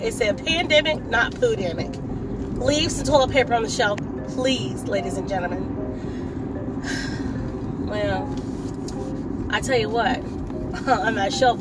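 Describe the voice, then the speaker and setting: A woman's voice: on the high side, very noisy. A woman giving a casual opinion monologue while driving, sassy and scolding, with frequent laughs. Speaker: vlogger.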